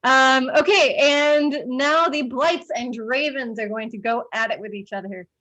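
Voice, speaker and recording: A woman runs a tabletop game as dungeon master. Her voice sits a little high, and she rambles through her narration with many fillers and frequent giggles. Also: unhurried, bright, forceful tone.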